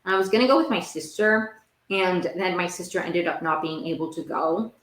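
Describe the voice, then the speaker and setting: A woman's voice: fairly low pitch, a little fast, fairly bright tone. A young woman hosting a podcast, recapping TV shows in a casual, rambling monologue. She speaks emphatically, says "like" a lot and repeats her phrases. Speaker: podcast host. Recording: roomy echo.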